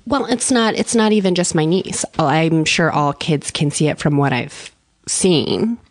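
A woman doing improvised comedy as a guest character, deadpan and rambling. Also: low-pitched, a little slow, no echo. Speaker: guest playing a child psychologist.

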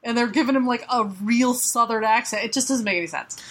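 A woman co-hosting a podcast, retelling a comic book in a sarcastic, profane, animated way. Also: on the high side, brisk. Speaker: podcast co-host. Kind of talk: casual comic book chat.

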